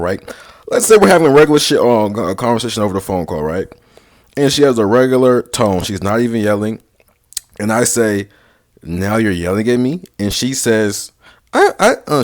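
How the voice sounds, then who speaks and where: A young man rambling casually through dating advice, slangy and sarcastic, full of basketball lingo. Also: medium pitch. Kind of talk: casual vlog talk.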